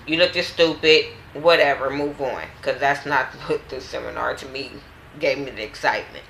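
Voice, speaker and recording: Woman ranting about a tv episode, cusses a lot, bright sharp voice, echoey room. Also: rumbling low, fairly even intonation, normal speed, creaky, a little hiss or hum. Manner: blunt, profane, exasperated ranting. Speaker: reality TV recap vlogger. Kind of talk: casual opinionated recap.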